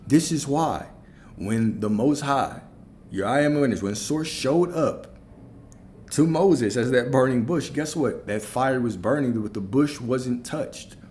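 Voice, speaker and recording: A man's voice: medium pitch, expressive, measured pace, a little mellow, slight background noise. A man giving a spiritual talk as a coach, preaching emphatically, repeating key phrases and asking rhetorical questions.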